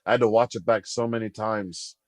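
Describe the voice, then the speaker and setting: A man guest on a podcast, telling a story in a casual, animated way, acting out quotes and laughing as he goes. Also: on the low side, brisk, dry recording.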